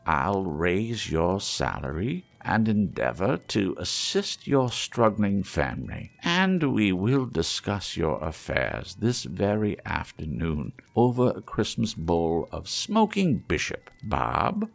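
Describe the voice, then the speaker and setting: A man's voice: sits low, very animated, takes it slowly, few pauses, exaggerated voice. Scrooge, a man voicing a jolly old ex-miser. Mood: jubilant. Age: older. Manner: hearty, exclaiming, playfully mock-gruff. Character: reformed old miser, elderly man, newly jovial.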